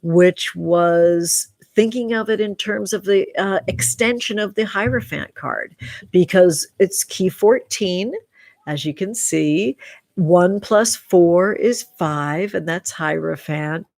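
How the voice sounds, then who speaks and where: Woman, low voice, very slow, effusive tarot host, dry close sound. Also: vocal fry, darkish tone, dry recording. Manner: effusive, slow and drawn-out, affectionate terms for viewers. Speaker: tarot reader and channel host. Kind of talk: casual livestream tarot reading.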